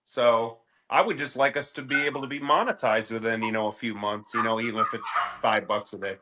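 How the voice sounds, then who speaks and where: A man's voice: medium pitch, brisk, very noisy. A man hosting a podcast, talking casually with lots of fillers. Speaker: podcast host.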